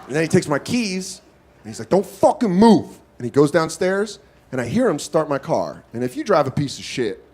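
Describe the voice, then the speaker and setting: A man doing stand-up comedy, telling a story with a lively, profane, animated delivery and acting out the other voices. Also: a little high, a little fast. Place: comedy club stage with live audience. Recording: loud audience laughter behind.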